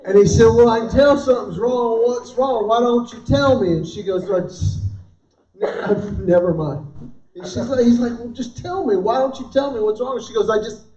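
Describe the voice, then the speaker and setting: This fifties-aged comedian, performing at a church event in a big hall for a live crowd, spins lively stories and voices each character's lines. His voice is very high-pitched at a normal speed. The hall recording comes across as distant, roomy and dull.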